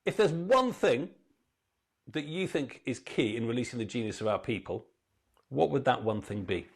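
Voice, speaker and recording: A man's voice: mid-range voice, animated, normal speed. A man hosting an interview podcast, asking his guest questions and chatting in a friendly, encouraging way. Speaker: podcast host. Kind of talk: casual interview chat.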